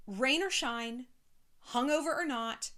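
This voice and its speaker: A woman's voice: sits high, slow, a bit bright. A woman in her thirties talking to camera in a blunt, profane, motivational self-help vlog, slipping into playful voices. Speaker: vlogger.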